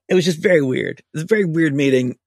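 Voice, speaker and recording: A man's voice: fairly high pitch, very fast, vocal fry, darkish tone, no room sound, clean studio sound. A man, a writer, telling a long casual anecdote on a podcast, full of fillers and restarts. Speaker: writer guest.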